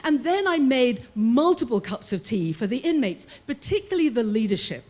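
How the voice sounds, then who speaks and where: Lively British woman telling a story. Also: on the high side, normal speed. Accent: British English. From Britain. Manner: lively, humorous storyteller who acts out quoted voices. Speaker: prison chaplain telling a story. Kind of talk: live personal storytelling.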